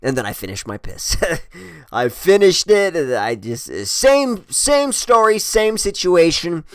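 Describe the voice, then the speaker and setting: A man's voice: high voice, big pitch swings, slow, fairly bright tone, dry recording, clean studio sound. Rambling, foul-mouthed male storyteller. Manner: rambling, swears constantly, chuckles at himself. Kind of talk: casual profane storytelling.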